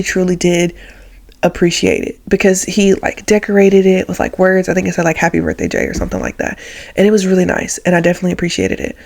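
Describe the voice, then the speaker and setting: A woman's voice: on the low side, a little mellow. A woman in her twenties telling a childhood story to her vlog audience in a casual, chatty way, acting out quoted voices. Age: 20s. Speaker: vlogger.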